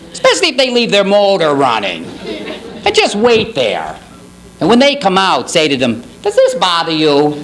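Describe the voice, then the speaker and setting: A man's voice: a little high, pitched below the performer's own voice. Man impersonating cranky older TV commentator, whiny, grumbling, crowd laughter. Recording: banquet hall with crowd laughter.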